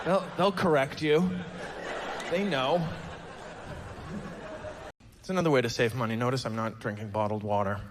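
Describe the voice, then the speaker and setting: A man's voice: mid-range voice, steady tone, moderate pace, pauses often. A man in his fifties doing a stand-up comedy set on a club stage, telling wordy mock-pompous stories that build to emphatic punchlines. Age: 50s. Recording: noisy live stage recording.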